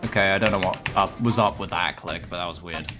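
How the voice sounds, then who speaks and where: A man's voice: low voice, brisk, over loud music. A man with an English accent streaming a game, chattering casually in a profane, rambling, ranting way.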